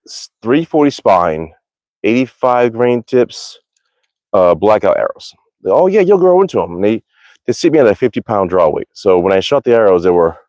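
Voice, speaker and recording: Rambling, profane man with a lowish voice. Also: darkish tone, no echo. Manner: rambling, profane, self-correcting. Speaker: archery live-streamer. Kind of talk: casual live-stream chat. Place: backyard outdoors.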